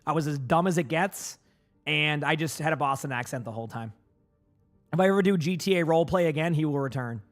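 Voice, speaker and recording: High-voiced man rambling to his stream chat. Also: brisk. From Massachusetts. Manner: rambling, full of filler words, often answers chat. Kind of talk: casual live-stream chat.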